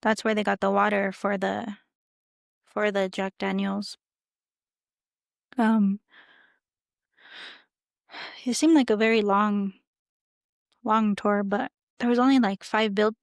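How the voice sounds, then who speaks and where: A woman's voice: medium pitch, level tone, measured pace, vocal fry, long pauses, no room sound, clean studio sound. A young woman chatting casually as a podcast guest, telling a travel story in a rambling way with lots of fillers. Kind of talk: casual chat.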